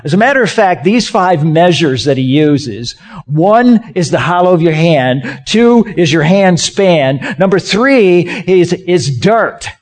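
This man's sermon comes in a high-pitched, sing-song voice at an unhurried pace. He's a pastor with a conversational manner who puts questions to his congregation and has them make hand gestures as he talks.

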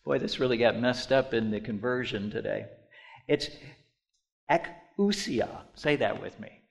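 A middle-aged man preaching a sermon, moving between loud storytelling and hushed, deliberate emphasis with drawn-out repetitions. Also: lowish voice, gravelly. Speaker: pastor.

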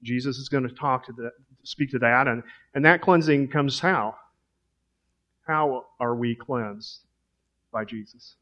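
A man's voice: medium pitch, a little slow, pauses often, fairly bright tone, dull audio. A man preaching a sermon in a conversational way, asking rhetorical questions.

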